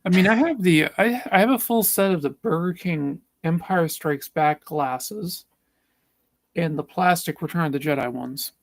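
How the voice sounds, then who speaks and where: A man with a somewhat high voice, recorded dry and close with no room sound. He chats casually and haltingly, restarting his words as he goes. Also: dry recording. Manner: halting, with repeated starts. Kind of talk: casual chat.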